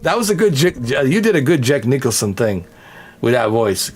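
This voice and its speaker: A man's voice: medium pitch, normal speed. A man hosting a casual livestream chat who talks in a jokey, playful way. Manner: jokey, playful, slips into silly voices. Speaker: livestream host.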